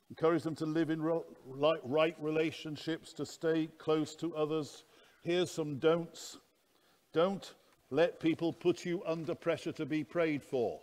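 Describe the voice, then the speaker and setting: A man's voice: fairly high pitch, darkish tone. Earnest preacher man in a reverberant hall. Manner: anecdotal, earnest storytelling. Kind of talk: conference teaching talk.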